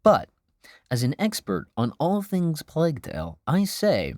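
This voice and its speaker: A man's voice: fairly high pitch, huge pitch swings, a little slow, darkish tone, dry recording. A man narrating a scripted video game review with dry, sarcastic asides.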